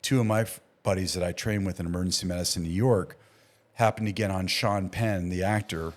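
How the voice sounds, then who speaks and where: A man's voice: low voice, a little fast. A man, an emergency physician, telling stories in a casual podcast interview and acting out the dialogue. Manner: animated storyteller, acts out quoted dialogue.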